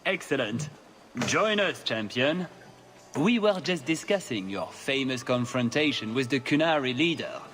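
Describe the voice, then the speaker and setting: A man's voice: mid-range voice, lively intonation, unhurried, a bit bright. An actor voicing a condescending young nobleman in a video game. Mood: smug. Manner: affected, condescending. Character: smug young noble lord, affected courtesy.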